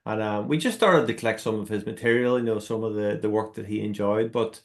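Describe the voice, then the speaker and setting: A man speaking as a guest on a TV show, answering with halting repeats as he remembers. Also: fairly low pitch. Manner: halting, repeats words, warm reminiscing. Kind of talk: interview answers.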